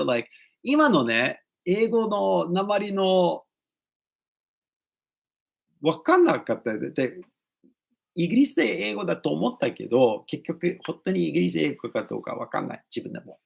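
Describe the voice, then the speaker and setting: A man's voice: sits high, big pitch swings, a little fast, gravelly, long pauses, husky. A man with an American accent, talking casually as an English teacher and actor, full of "like"s and switching between English and Japanese. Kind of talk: casual talking-head advice vlog.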